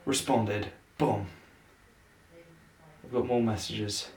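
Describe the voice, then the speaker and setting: A man's voice: lowish voice, steady tone, slow, darkish tone. A young man rambling and musing aloud to himself while practising, easily distracted. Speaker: vlogger. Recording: roomy, distant, noisy.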